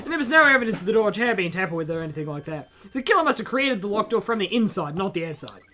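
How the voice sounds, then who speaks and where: An earnest teenage boy hero working through his case notes, read aloud by a woman. The voice is bright and lively, with stumbles here and there in an amateur game-voice reading. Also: mid-range voice, rapid-fire, a little hiss or hum. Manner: reads narration aloud, stumbling at times.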